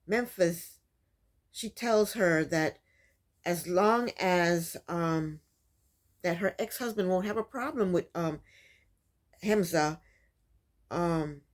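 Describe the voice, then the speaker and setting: A woman casually recapping a reality TV episode, opinionated and repetitive, with frequent ums. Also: on the low side. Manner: opinionated, many ums, repeats points.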